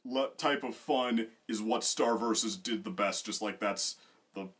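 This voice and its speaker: A man's voice: on the low side, measured pace. A man co-hosting a casual discussion, rambling with many fillers and restarts. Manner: bursts into loud acted quotes. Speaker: co-host.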